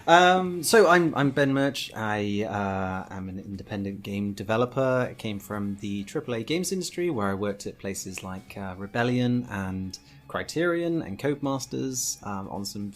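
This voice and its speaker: A man being interviewed on a podcast, easygoing and self-deprecating, talking with fillers. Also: fairly low pitch. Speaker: game developer guest. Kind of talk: casual interview chat.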